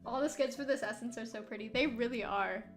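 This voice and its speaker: A woman streaming a game, chatting casually and giggling, often dropping into soft, quiet asides. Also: a little high, a little fast, soft background music. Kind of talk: casual let's-play commentary.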